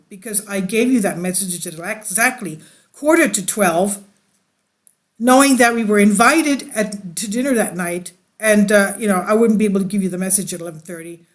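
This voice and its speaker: A church leader shares a personal testimony and reads an article aloud in an unhurried, rambling way. She has an alto voice of medium pitch.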